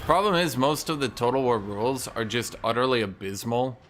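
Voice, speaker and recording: A man giving casual, ranting gameplay commentary, animated and profane, as a content creator. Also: medium pitch, a little fast.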